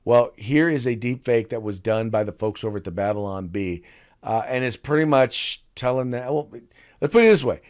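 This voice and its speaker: A male podcast host giving casual political commentary and sponsor reads. He talks in a loose, teasing way, full of restarts and asides. His voice sits at an ordinary middle pitch. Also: normal speed.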